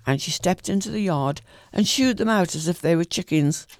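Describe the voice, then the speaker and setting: A man reading a short story aloud in a calm, even way, with the odd small slip. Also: sits high, moderate pace, no room sound, clean studio sound.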